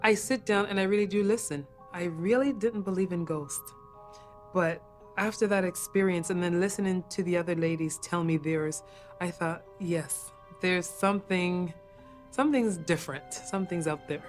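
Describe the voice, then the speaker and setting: A woman's voice: on the low side, normal speed, soft background music. A woman who works as a caregiver, earnestly recounting a ghost encounter and repeating herself for emphasis.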